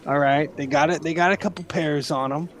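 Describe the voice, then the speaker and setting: A man putting on a sneaky, high-voiced halfling schemer. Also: steady tone, brisk, fairly bright tone, natural voice. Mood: persuasive.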